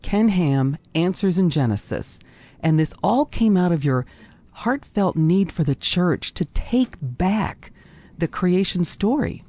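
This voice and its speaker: A woman's voice: fairly low pitch, animated, slow, mellow, muffled recording. A woman hosting an interview show, chatty and enthusiastic as she introduces her guest. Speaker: host.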